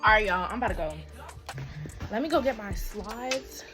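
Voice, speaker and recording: A woman's voice: medium pitch, moderate pace, over music. A young adult woman chatting casually to her viewers in a vlog, calling them y'all, recorded on a handheld phone. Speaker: vlogger. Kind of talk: casual vlog chat to camera.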